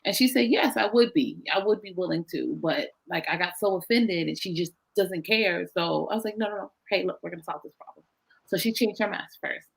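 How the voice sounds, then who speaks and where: A young woman recounts a work story in a casual interview, talking over a video call. She leaps up and down in pitch as she plays out what she and others said, with lively ups and downs in her voice. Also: fast talker, creaky, slightly rough, low-quality recording. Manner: animated, acts out her own quoted lines. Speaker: interview guest.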